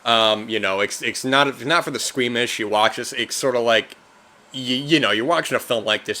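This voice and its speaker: A man hosting a film podcast, reviewing in a loose, rambling casual talk, often tossing in "man" and getting animated when he mimics reactions. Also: on the low side.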